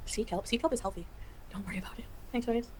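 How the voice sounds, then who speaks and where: Fast-talking woman livestreaming to chat. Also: a little high, slight background noise. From Canada. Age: 40s. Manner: rapid, chatty, laughing, exasperated rants. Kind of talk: casual livestream chat reading comments.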